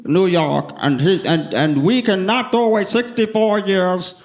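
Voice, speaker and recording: A man voicing a halting, rambling supporter at a press conference, in a stand-up bit. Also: high-pitched, pitched above the performer's own voice. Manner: halting, repetitive, slow. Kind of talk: stand-up impression.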